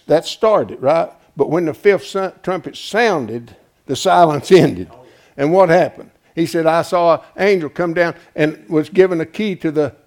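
A man with a high voice preaches a homespun Bible teaching sermon. He keeps quizzing the congregation and drawing answers from them. He drops to hushed asides, then rises to loud, emphatic peaks. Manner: asks the congregation questions and draws answers; homespun and colloquial, with frequent "folks" and "ain't".

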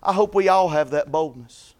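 A man with a slightly high voice preaches a fervent sermon at normal speed. He shifts between quiet, folksy stories and loud, repeated calls of blessing.

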